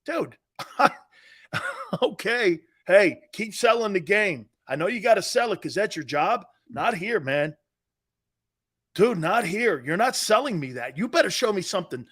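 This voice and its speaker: A brash middle-aged man running a live sports talk show. His voice sits high and swings widely as he argues, mocking pundits. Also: sing-song, moderate pace, fairly bright tone, husky. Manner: laughs at his own points.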